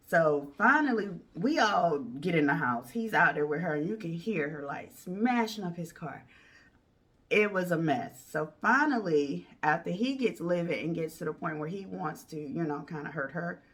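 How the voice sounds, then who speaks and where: A woman's voice: lowish voice, moderate pace, far from the mic. A woman vlogger telling a dramatic personal story in casual slang, acting out what other people said. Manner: animated, acts out other people's lines in raised voices.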